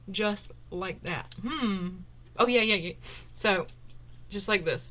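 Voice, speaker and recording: A woman with a drawl talks to her viewers in an easygoing, emotional way, with many fillers and ums. Her voice is bright and ringing. The webcam audio sounds a bit dull. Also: medium pitch, slow pace. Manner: chatty and emotional, laughs often, with many fillers. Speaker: host of a live Q&A stream. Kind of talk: casual livestream chat. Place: at home, indoors. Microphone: webcam on a desktop.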